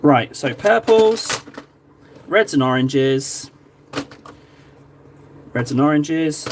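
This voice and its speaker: A man's voice: a little high, a little hiss or hum. A chatty, jokey man from Cornwall, talking casually to viewers while painting on a live stream. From Cornwall, England.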